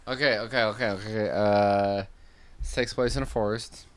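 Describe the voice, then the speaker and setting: A man's voice: on the low side, fairly even intonation, brisk, smooth. A man co-hosting a casual stream, rambling through an improvised story and laughing often.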